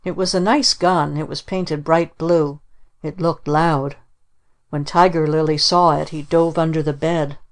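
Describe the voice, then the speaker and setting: A woman narrating a children's storybook in a measured way. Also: deep voice, fairly even intonation. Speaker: audiobook narrator. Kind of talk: scripted narration.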